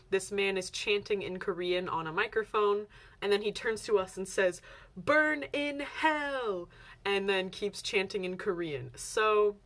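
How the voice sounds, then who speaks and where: A woman's voice: mid-range voice, a bit bright. A young woman talks straight to her viewers in a loose, chatty way. She leans on "like" and slips into little acted-out quotes as she tells her story. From United States. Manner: chatty, heavy use of "like", acts out quoted lines. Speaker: vlogger. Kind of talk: casual storytelling vlog.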